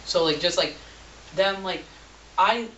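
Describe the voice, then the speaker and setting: A man with a bright, forceful voice rambles through a relaxed film review, padding his points with fillers. He sounds distant from the mic in an echoey room, and the recording is dull and lo-fi with a faint hiss. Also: high-pitched, slow pace. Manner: rambling, lots of fillers, laughs easily. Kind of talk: casual chat.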